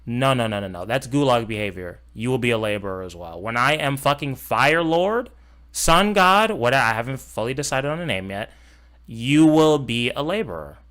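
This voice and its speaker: A man reacting live to a video, cursing and mocking in a heated rant. His pitch leaps widely, from loud outbursts down to muttered asides. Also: expressive, normal speed.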